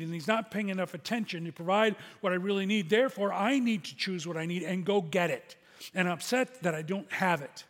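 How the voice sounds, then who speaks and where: A man's voice: sits high, long reverb tail. A man pastor delivering a sermon in a conversational, self-deprecating way.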